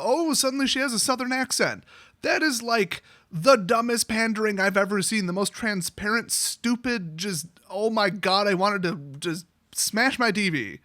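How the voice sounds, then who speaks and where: A sarcastic, exasperated man ranting to his channel. His voice sits high and bright. The sound is dry and close, with no room around it. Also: moderate pace, no echo. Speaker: YouTuber. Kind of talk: political rant.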